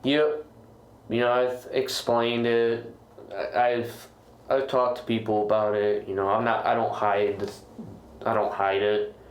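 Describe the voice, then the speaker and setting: A man chatting as a podcast guest, talking in a rambling, halting way with frequent restarts. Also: on the low side, flat delivery, reverberant. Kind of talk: casual chat.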